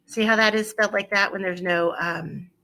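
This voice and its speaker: A woman teacher giving an online Spanish lesson to her students, upbeat, repeating phrases slowly for them to echo. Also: mid-range voice, fairly even intonation, sharp tone.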